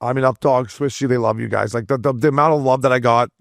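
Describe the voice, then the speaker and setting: Fast-talking gravelly man. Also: mid-range voice, fairly even intonation, dry recording, clean studio sound. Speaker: podcast host. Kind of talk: casual podcast storytelling.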